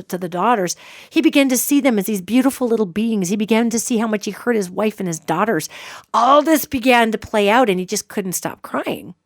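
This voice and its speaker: A woman's voice: mid-range voice, no echo, clean studio sound. A woman hosting a psychic radio show, telling a story to her listeners in an emphatic way and checking in with them as she goes.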